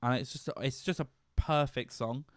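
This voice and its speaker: A man's voice: mid-range voice, moderate pace, dry recording, studio quality. Playful, jokey man on a podcast. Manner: playful, jokey, laughs often. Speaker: podcast co-host. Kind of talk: casual chat.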